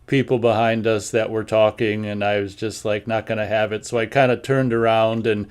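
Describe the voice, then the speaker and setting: A man's voice: fairly low pitch, level tone, moderate pace, clean tone. A man chatting casually, telling a hesitant, rambling anecdote. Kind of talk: casual chat.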